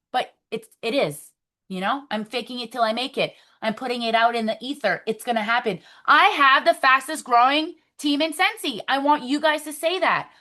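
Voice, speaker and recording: A woman leading a motivational video call for her sales team, upbeat and coaching, breaking into excited affirmations. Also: a little high. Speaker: team leader.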